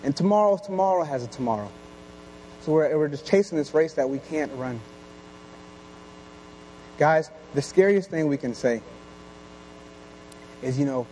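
High-voiced young man giving a sermon. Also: expressive, moderate pace, pauses often, warm tone, a little hiss or hum, low-quality recording. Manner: earnest, asks many rhetorical questions.

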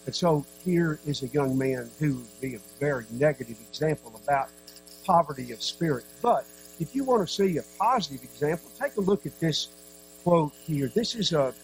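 A man preaching a sermon, earnest, with dramatic pauses and sudden drops to a soft voice. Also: on the high side, lively intonation, a little hiss or hum, low-quality recording.

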